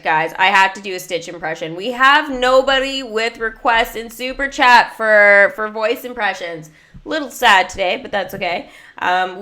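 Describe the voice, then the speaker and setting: This gaming livestreamer from the United States keeps up casual, filler-heavy chatter while playing a mobile game. She's young and bubbly, with a mid-range voice that sounds bright and forceful.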